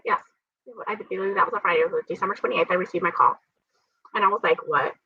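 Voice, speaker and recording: In an interview, a woman who survived a transplant tells her story earnestly, full of faith and frequent laughter. Her lowish voice is fast and husky, picked up by a distant mic that makes the sound dull and dry with no room sound.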